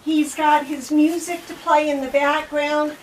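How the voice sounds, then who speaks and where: A woman's voice: high-pitched, flat delivery, a little slow. A woman announcing a demonstration to a crowd at a community event. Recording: distant mic, echoey, faint noise.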